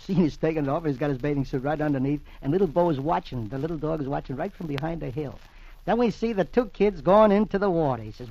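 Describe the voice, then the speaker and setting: A folksy, chatty man reads the newspaper comics aloud for 1940s-style radio, explaining each panel in casual talk. His voice is a bit high for a man, and the old broadcast recording is dull and lo-fi. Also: quick pace, a little mellow. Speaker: radio host reading the comics.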